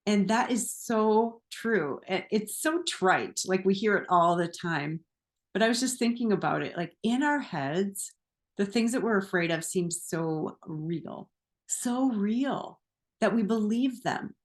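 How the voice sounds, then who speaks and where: A woman talks to the camera in a casual motivational style, friendly and upbeat, with frequent laughs and lots of "like." Her voice sits at a middling pitch for a woman, and her tone is conversational rather than scripted. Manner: chatty, animated, laughs often, uses "like" a lot. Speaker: therapist and coach.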